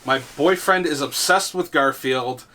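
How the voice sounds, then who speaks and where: A young man from Canada co-hosting a casual podcast chat, quick to agree and animated when joking. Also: on the high side. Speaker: podcast co-host.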